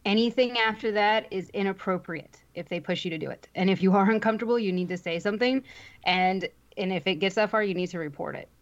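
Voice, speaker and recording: A woman's voice: mid-range voice, fast. Frank, chatty woman on muffled stream audio. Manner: frank, chatty, thinking aloud with fillers. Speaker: streamer, co-host. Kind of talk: casual chat on a livestream.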